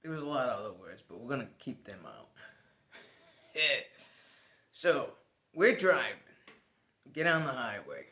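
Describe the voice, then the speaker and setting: A man telling a personal story to the camera in a casual vlog, animated and swearing now and then. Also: mid-range voice, unhurried, long pauses, roomy sound. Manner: animated, swears, laughs as he tells it. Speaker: vlogger.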